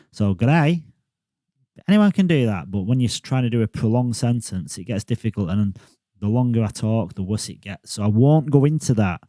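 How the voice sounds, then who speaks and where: A man with a northwest English accent from Bolton talks casually to camera about his crypto channel, rambling and poking fun at himself. His voice is mellow and dark. The sound is dry and close, with no room echo. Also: medium pitch. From England. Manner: chatty, self-deprecating, rambling with fillers.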